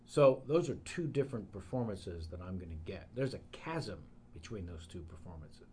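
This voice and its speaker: A male comedian guest spins stories in relaxed, casual talk. He swears freely and bursts into animated stretches. Faint ambient noise sits under his voice. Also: deep voice, normal speed. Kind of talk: casual studio talk and storytelling.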